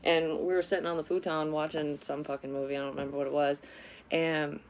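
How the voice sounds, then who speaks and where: Low-voiced woman telling a story casually. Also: fast talker, a little hiss or hum. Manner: candid, frequent swearing, animated retelling. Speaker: psychic vlogger telling a personal story.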